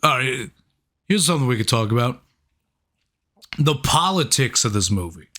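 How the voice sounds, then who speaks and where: A man's voice: medium pitch, very animated, moderate pace, sharp tone. A blunt, laid-back young man reviewing films. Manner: laid-back, swears a lot, blunt opinions. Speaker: podcast co-host, movie reviewer. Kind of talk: casual chat.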